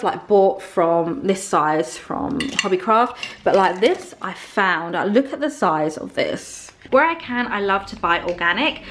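A woman's voice: mid-range voice, fairly bright tone. A young woman vlogging, chatting casually through a show-and-tell of her products with lots of ums and likes. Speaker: beauty vlogger.

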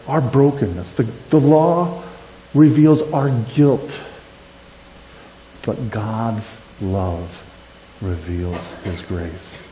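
A man's voice: medium pitch, warm tone, echoey room, low-quality recording. A man preaching a sermon to a congregation with passion, often asking them questions and checking they are with him. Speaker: pastor. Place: church sanctuary.

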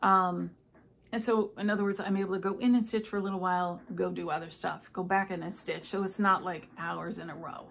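An older woman talks through her stitching plans in a loose, rambling home chat. Her voice carries a gravelly fry, and she fills pauses with ums and asides. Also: lowish voice, steady tone, fairly bright tone, a little hiss or hum. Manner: chatty, rambling, with many fillers. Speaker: stitching vlogger. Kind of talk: casual chat. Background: household noises, clock and ice maker.

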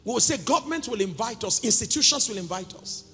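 A man with a Nigerian accent preaching a sermon as pastor, calling out to the congregation and breaking into sung and shouted phrases. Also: high voice, animated, fast talker, husky. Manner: call-and-response preaching, sings and shouts phrases. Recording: reverberant church hall with music.

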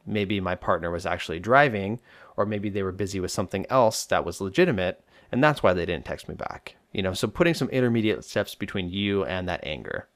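A male psychologist hosting a self-help podcast, explaining coping steps to the listener in a relaxed, direct way. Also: low voice, a little fast, dry recording, studio quality.

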